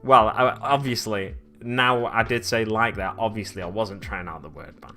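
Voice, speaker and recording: A man's voice: fairly low pitch, normal speed, bright, forceful tone, faint music behind. Chatty man with a Lancashire accent. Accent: Lancashire English. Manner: rambling, chatty, self-correcting. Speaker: live-stream host painting miniatures. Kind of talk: casual live-stream chat.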